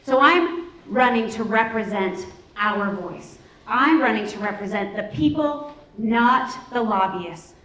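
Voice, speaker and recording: A woman's voice: medium pitch, fairly bright tone. A woman giving an emphatic campaign speech at a local meeting, often repeating her words as she presses a point. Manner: earnest, emphatic, with quick repeated phrases. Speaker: political candidate. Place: meeting hall. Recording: echoey meeting room.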